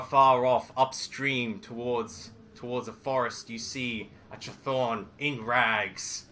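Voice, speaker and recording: A man narrating dramatically as game master of a tabletop role-playing game, halting now and then with fillers. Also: medium pitch, sharp tone, slight background noise.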